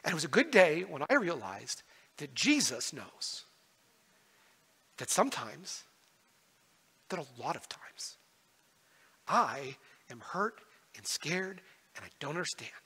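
A pastor preaching in a high, bright voice, earnest and personal as he tells a story. The sound carries a long reverb, like an echoey church hall. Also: big pitch swings, takes it slowly, pauses often, slightly rough. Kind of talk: sermon.

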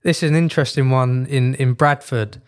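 A man's voice: medium pitch, steady tone, a little fast, smooth. A man, a podcast co-host who talks in a dry, plain-spoken way in casual chat.

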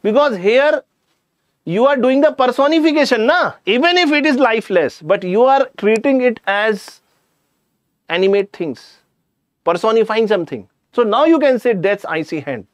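High-voiced Indian English man teaching. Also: lively intonation, normal speed, no room sound, clean studio sound. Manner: chatty, addresses students directly, slips in jokes. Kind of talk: live online English grammar class.

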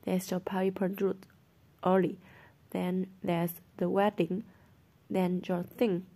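A woman's voice: fairly low pitch, little pitch movement, slow, dark tone. A woman reading the lines of a cheerful, shrewd schoolboy in an airy, matter-of-fact way. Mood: breezy.

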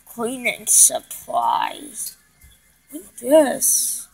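A woman giving excitable gameplay commentary to her viewers, often breaking into panicked shrieks. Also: high-pitched, takes it slowly, long pauses, no echo, faint music behind. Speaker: gaming video creator.

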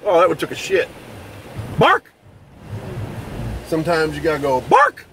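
A higher-voiced man rambling through a casual vlog from behind the wheel. He swears constantly, barks and yells at people outside, then keeps apologizing for it. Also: racing, a little hiss or hum. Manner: rowdy, swearing, barking and yelling outbursts, repeated apologies. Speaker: vlogger.

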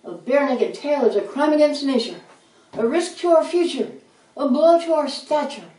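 A woman's voice: high voice, lively intonation, normal speed, dark tone, pitched above the performer's own voice. A woman voicing a group of preachy lemmings in a storybook, declaiming indignantly. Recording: roomy sound, mic at a distance.

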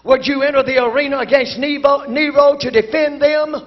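A woman's voice: steady tone, fairly quick. Emphatic woman preacher, dull recording. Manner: emphatic, swelling to shouts then dropping low. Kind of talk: sermon.

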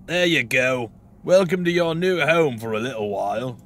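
A man voicing a gruff, scornful male jail guard in a game, with a put-on accent. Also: a little high, lively intonation, moderate pace, a bit bright, pitched above the performer's own voice. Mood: mocking.

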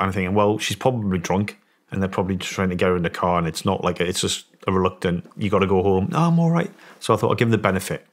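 A middle-aged British man, a former soldier guest on a podcast, telling a story and acting out the voices of people in it. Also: low-pitched. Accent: British English. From England. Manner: animated storyteller, acts out quoted voices. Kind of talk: storytelling in an interview.

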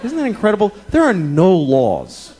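Fed-up thirtysomething comedian guy, pitch jumps all over, crowd laughing and noisy room. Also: huge pitch swings, moderate pace, a little mellow. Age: 30s. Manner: exasperated, profane, acts out inner voices. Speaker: stand-up comedian. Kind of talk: stand-up comedy. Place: comedy club stage with laughing audience. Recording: stage mic with crowd laughter and noise.

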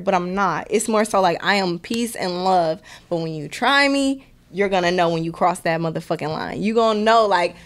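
A woman from Milwaukee chats as a podcast guest. She tells her stories bluntly and with lots of swearing, laughs often, and slips into the voices of the people she quotes. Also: mid-range voice. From Milwaukee, Wisconsin. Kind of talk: casual interview chat.

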